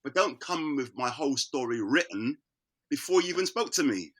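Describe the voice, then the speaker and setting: A man's voice: medium pitch, expressive, moderate pace, fairly bright tone. A man, an artist, talking candidly as an interview guest, emphatic, repeating words and restarting his sentences.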